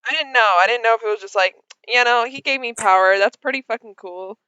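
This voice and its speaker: Bright woman player on a dull dry mic. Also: a little high, brisk, clear, resonant tone, dry recording. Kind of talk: casual chat.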